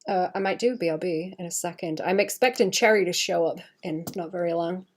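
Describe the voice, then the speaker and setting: A woman's voice: lowish voice, fairly quick, slight background noise. A woman in her late twenties, an artist chatting casually on a livestream while drawing, swearing freely and laughing at herself. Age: late 20s.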